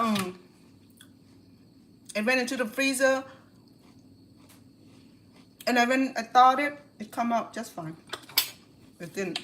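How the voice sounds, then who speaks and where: A woman's voice: on the high side, slow, pauses often, fairly bright tone, slight background noise. A woman from Cambodia with a Cambodian accent, chatting casually and rambling as she cooks, often restarting her phrases. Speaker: home cooking host. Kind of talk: casual cooking vlog chat. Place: home kitchen. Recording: kitchen clatter of pots and dishes. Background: clinking pots, pans and dishes.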